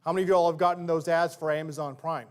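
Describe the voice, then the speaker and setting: A man's voice: on the high side, steady tone, fast talker, clear, resonant tone. A male pastor preaching a sermon in church, conversational and full of everyday examples.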